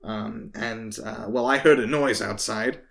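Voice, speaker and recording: A man's voice: lowish voice, steady tone, unhurried, creaky, a bit bright, pitched below the performer's own voice. A man voicing a tall, skinny male town guard who is out of breath and stammers out rambling excuses. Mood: flustered.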